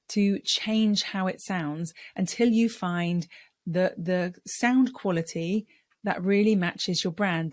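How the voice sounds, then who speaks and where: A middle-aged woman voice coach giving a lesson on speaking, explaining clearly and measuredly. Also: mid-range voice, darkish tone, dry recording.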